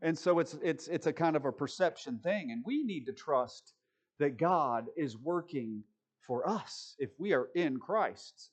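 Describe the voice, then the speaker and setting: A man's voice: fairly high pitch, lively intonation, a little slow. A man preaching a conversational sermon, full of self-deprecating asides, and often checking in with his listeners. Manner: chatty, self-deprecating asides and frequent "right?" check-ins. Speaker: preacher teaching a Bible study.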